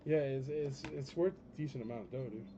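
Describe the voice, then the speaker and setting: A man's voice: medium pitch, brisk, dull audio, a crowd in the background. A man hosting a live toy auction stream, blunt and joking, ranting between lots. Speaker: auction host.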